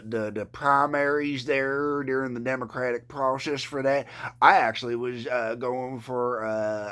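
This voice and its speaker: A man's voice: mid-range voice, a bit bright. A man from Canada ranting to camera, profane and rambling, often stumbling over his words. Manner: profane, rambling, stammering rant. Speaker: vlogger.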